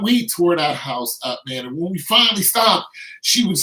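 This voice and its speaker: A man's voice: high-pitched, animated, moderate pace, bright, forceful tone. Man in his fifties, boastful. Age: 50s. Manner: boastful, slang-heavy, laughing while telling. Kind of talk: casual storytelling. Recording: roomy, distant from the mic.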